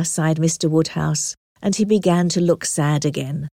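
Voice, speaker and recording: A woman narrating a classic novel as an audiobook, clear and expressive, on a close microphone. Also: deep voice, normal speed, few pauses, no room sound.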